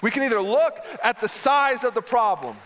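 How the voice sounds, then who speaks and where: A man's voice: extremely high pitch, big pitch swings, moderate pace, a bit bright. A man delivering an emphatic sermon as pastor, repeating lines and asking the congregation to answer back. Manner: emphatic, repetitive, call-and-response.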